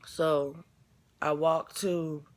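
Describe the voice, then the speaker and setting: A woman's voice: low-pitched, flat delivery, drawn-out words. A woman vlogger telling a painful personal story in a casual, candid, profane way.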